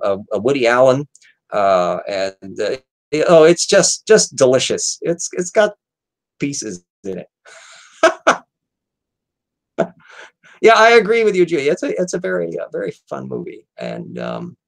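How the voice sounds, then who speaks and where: A man's voice: medium pitch, gravelly, poor audio. A man hosting an aftershow, chatting casually and rambling about old films with many fillers and restarts. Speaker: host.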